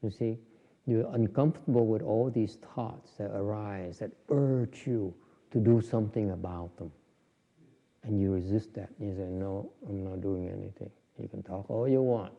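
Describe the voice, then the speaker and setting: A Buddhist meditation teacher gives an informal, joking dharma talk on meditation, restarting often. His voice is fairly low and warm at a moderate pace, in a dull lo-fi recording from a reverberant hall.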